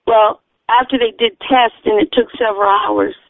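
A high-voiced woman shares her testimony with eager, earnest storytelling. The sound is dry and narrow, like a tinny radio broadcast. She acts out the other people in her story as she goes. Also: steady tone, normal speed, gravelly, no echo. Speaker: testimony speaker. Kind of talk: personal testimony.

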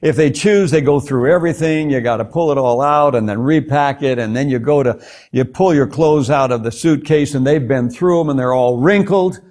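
A man's voice: medium pitch, moderate pace, a little mellow. An older man, a guest preacher, telling a personal testimony in an interview, earnest and prone to stumbling over repeated words. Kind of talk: testimony in a talk show interview.

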